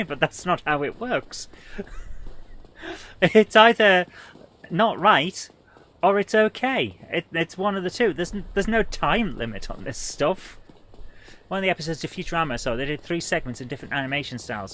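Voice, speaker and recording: A man streaming a retro game live, chatting with viewers in a joking manner and reacting loudly to the gameplay. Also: fairly high pitch, lively intonation, fast talker, slight background noise. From Britain. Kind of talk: casual live-stream chat, reading chat aloud.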